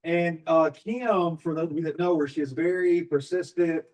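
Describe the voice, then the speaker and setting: A man from Alabama giving a testimony to a live audience, telling his story haltingly with many fillers. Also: a little high, a little mellow, recorded from a distance, poor audio. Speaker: business partner sharing his story.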